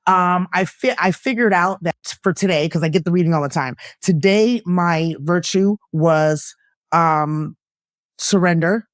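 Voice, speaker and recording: A woman's voice: a little slow, dry recording. Earnest woman guest, dry close sound. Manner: earnest and reflective, with bursts of laughter and pitch jumps. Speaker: actress and lifestyle coach, guest. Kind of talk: candid podcast conversation.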